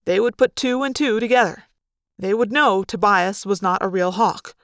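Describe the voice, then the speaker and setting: A woman with a medium-pitched voice reads a story aloud at a normal speed, recorded dry and close. She's an audiobook reader giving a fan read-aloud narration, telling it expressively in the first person.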